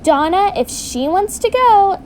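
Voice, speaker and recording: A woman's voice: very high-pitched, big pitch swings, unhurried, slight background noise, voice pushed up, heavily acted. A woman voicing a blunt, dismissive father.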